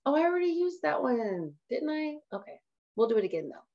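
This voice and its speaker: A woman trainer hosting a casual live tutorial, chatting excitedly and laughing at herself as she works. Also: high-pitched, fairly quick, highs cut off. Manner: excitable, giggly, self-amused chatter.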